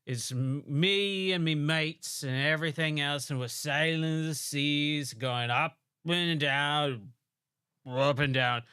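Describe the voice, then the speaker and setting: A man's voice: fairly high pitch, slow pace, bright, forceful tone, clean tone, no echo, studio quality. A man voicing a jolly, rum-loving male pirate sailor in pirate slang, with game music behind him. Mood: boastful. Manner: pirate slang, boisterous and drawn out.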